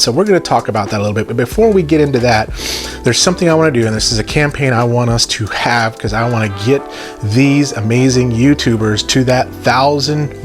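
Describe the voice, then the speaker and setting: A man with a Southern accent hosting a toy review channel, talking casually and enthusiastically to viewers with joking asides. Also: medium pitch. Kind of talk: casual vlog chat to viewers.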